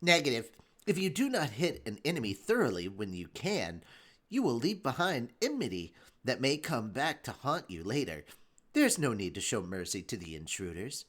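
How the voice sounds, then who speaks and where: A man voicing a calculating AI assistant that speaks in a flat, clipped, ruthless way, reading from a light novel. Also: medium pitch, moderate pace, slightly rough, pitched below the performer's own voice. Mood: cold.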